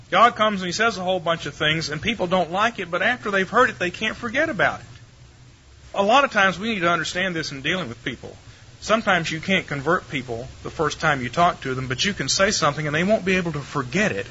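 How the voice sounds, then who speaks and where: A man's voice: high-pitched, sharp tone, highs cut off, slight background noise. An older man giving a theology lecture to a live audience in a wry, conversational way, putting rhetorical questions to his listeners.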